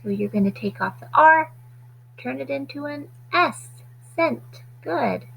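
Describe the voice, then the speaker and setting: A woman teaching a phonics lesson to children, stretching out sounds slowly and deliberately. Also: sits high, lively intonation, vocal fry, a bit bright, slight background noise, poor audio.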